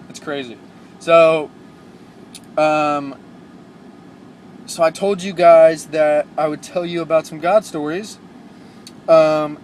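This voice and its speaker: A young man tells road stories in a casual vlog, loose and rambling, stacking "like" and "um" as he goes. His voice sits a little high. A faint hum of the truck and its air conditioning runs underneath. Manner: rambling, filler-heavy, excitable. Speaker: new truck driver vlogging.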